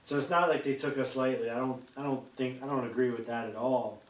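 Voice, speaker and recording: A man hosting a podcast, trading crude jokes and laughing loudly in casual banter. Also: medium pitch, steady tone, a little fast, roomy sound, far from the mic, poor audio. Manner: loud, laughing, crude joking. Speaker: podcast host.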